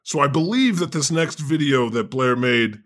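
Man hosting comedy podcast, lively bouncy voice, bright and husky, laughs a lot. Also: mid-range voice, normal speed. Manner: excitable, laughs often, swears. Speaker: podcast host.

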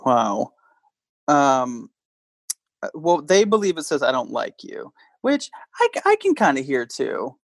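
A man's voice: mid-range voice, wildly swooping pitch, measured pace, no room sound. A man hosting a podcast, casually chatting and playfully quizzing his guest. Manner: playful, quizzing a guest with multiple-choice options. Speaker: podcast host. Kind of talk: casual chat.

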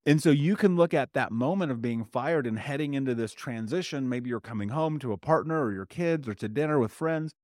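A man's voice: mid-range voice, brisk, few pauses, darkish tone, dry recording, clean studio sound. A man who is a trauma healing coach, giving a motivational solo podcast talk in a direct, plain-spoken way that often checks in with "right?". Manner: plain-spoken, with casual swearing.

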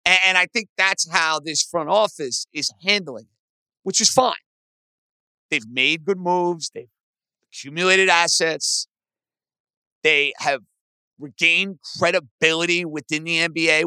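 A man hosting a sports podcast, ranting with animated opinions about teams and trades. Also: a little slow, long pauses, clean tone, no room sound. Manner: animated, aggravated rants with rising pitch. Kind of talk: opinionated sports talk monologue.

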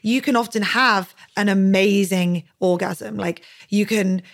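A woman's voice: medium pitch, steady tone, measured pace, creaky. A young adult woman hosting a podcast in casual chat. She talks chattily, filling her speech with "like" and swearing freely. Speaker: podcast host.

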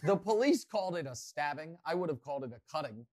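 A man hosting a podcast, telling a rambling, self-mocking story with lots of excitement. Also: a little high, quick pace. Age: adult, past college. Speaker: podcast host. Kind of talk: animated storytelling.

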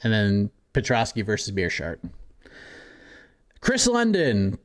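A man co-hosting a casual sports talk show, reading through listener picks and adding quick comments. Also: lowish voice, huge pitch swings. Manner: reads lists of matchups, chuckles often. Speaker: podcast co-host.

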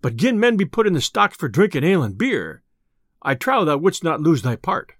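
A man's voice: fairly high pitch, sing-song, normal speed, no room sound, clean studio sound. A man reading aloud, voicing a boisterous, boastful male tinker in an audiobook tale. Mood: gruff. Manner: loud, boastful old-style speech.

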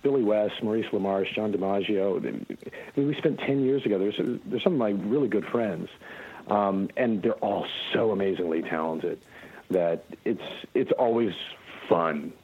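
Husky-voiced man, lively guest on a dull line. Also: lowish voice, normal speed. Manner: relaxed storytelling, animated. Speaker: voice actor guest. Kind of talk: casual interview answers.

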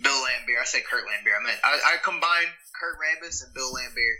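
A man co-hosting a casual sports podcast, chiming in with relaxed, joking remarks. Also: medium pitch, brisk, rough recording. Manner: laid-back joking interjections. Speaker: podcast co-host.

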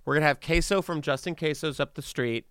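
A man hosting a podcast, telling animated stories with playful asides in casual chat. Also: fairly high pitch, fast talker, clean tone, no echo, clean studio sound. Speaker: podcast host.

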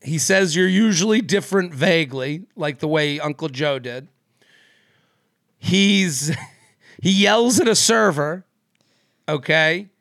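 A man's voice: a little high, lively intonation, fairly bright tone, no echo, clean studio sound. A man co-hosting a podcast, joking and rambling in casual chat. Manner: jokey, rambling, quick asides. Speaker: podcast co-host.

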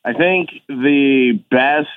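A man's voice: medium pitch, extremely slow, no room sound. A man joining a casual podcast chat as a guest, teasing and affectionate as he talks about his sister. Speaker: guest, brother of co-host. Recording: tinny phone line.

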